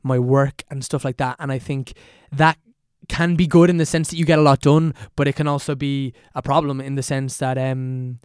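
A young Irish man in his twenties chatting as a podcast guest, quick and self-deprecating with lots of fillers. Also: medium pitch, steady tone, darkish tone, clean tone, no room sound, clean studio sound. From Ireland. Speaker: podcast guest answering questions. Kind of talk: casual podcast chat.

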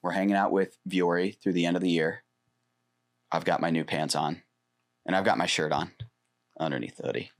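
Deep gravelly man on a podcast. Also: fairly even intonation, moderate pace, pauses often. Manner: easygoing, asks questions, lots of filler like "like". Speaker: podcast co-host. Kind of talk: casual podcast chat.

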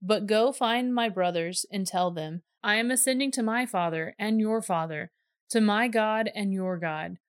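A woman voicing a calm, gentle grown man who teaches, in a dry recording. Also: medium pitch, unhurried, no room sound, natural voice.

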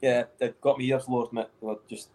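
A man's voice: medium pitch, little pitch movement, fairly quick, mellow, poor audio. A man with a Scottish accent, a former footballer co-hosting a podcast, chatting in laid-back banter. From Scotland. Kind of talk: casual chat.

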